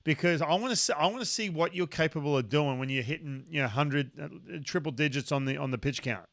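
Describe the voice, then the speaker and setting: A man with an Australian accent hosting a casual sports podcast, chatty and excitable, full of restarts. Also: on the high side, fast talker, no room sound, studio quality. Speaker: podcast host.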